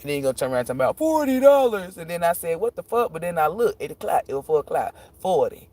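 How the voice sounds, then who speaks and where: A man reading tarot on a live stream, ranting casually and profanely, rambling and cutting himself off, jumping between loud bursts and low muttering. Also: racing. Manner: profane, rambling, self-interrupting; animated, jumps between shouting and muttering.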